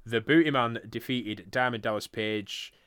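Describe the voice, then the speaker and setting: A man's voice: mid-range voice, normal speed, fairly bright tone, clear, resonant tone, no echo, clean studio sound. A man hosting a podcast in casual chat, swearing freely and laughing often. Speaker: podcast host. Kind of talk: casual chat, reviewing wrestling results.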